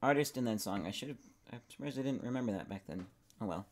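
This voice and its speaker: A young man thinks out loud as he plays, wandering from one idea to the next. His voice is soft and easygoing, sits mid-range for a man, and keeps trailing off. Some clicking is heard in the background. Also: mid-range voice, fast talker. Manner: rambling, musing aloud while playing. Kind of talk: casual gaming commentary.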